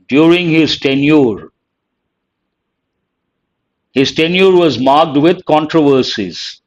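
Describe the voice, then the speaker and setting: Male teacher, slightly high voice, very slow and deliberate, dull lo-fi stream audio. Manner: slow, deliberate, reading out words one at a time. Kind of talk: live online vocabulary lesson.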